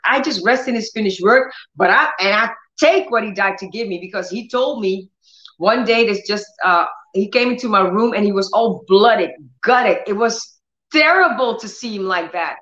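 A woman's voice: mid-range voice, fairly bright tone. A woman hosting a healing ministry stream, preaching and praying with bold commanding declarations. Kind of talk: livestream preaching and prayer. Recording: roomy, dull lo-fi stream audio.

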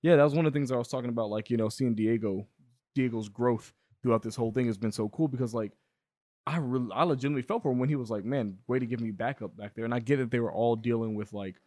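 A man's voice: mid-range voice, quick pace, a little mellow, dry recording, clean studio sound. A man co-hosting a podcast, chatting casually and slangily about a show. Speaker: podcast co-host. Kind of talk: casual show review chat.

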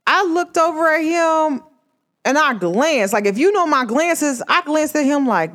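A woman's voice: high-pitched, measured pace. A young woman chatting casually and animatedly, telling a personal story with slang and acted-out voices. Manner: animated, expressive, slangy, acts out voices in her stories.

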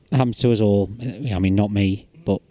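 A man's voice: on the low side, mellow, no room sound. A man hosting casual chat, reading out odd facts, jokey and laughing often. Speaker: host.

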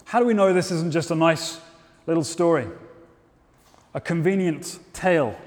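A man preaching a sermon, telling the story in a measured way and rising to loud, emphatic peaks. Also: fairly high pitch. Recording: long hall reverb.

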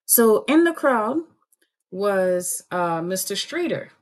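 A woman speaking on a podcast panel in a heated, blunt way, with profanity woven through everything she says. She tells stories with rhetorical questions, and her voice sits at an ordinary middle pitch. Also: big pitch swings, takes it slowly. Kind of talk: heated political commentary.

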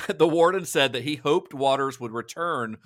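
A man's voice: medium pitch, moderate pace, a bit bright, no room sound, clean studio sound. A man co-hosting a casual film podcast, telling behind-the-scenes stories with frequent laughs and fillers. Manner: chatty storyteller, laughs often, many fillers. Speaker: podcast co-host.

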